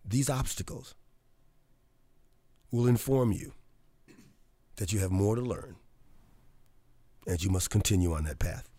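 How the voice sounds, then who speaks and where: A man hosting a radio talk show, moving from a motivational monologue into excitable, chatty banter with frequent laughter. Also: on the low side, a little slow, pauses often, breathy edge.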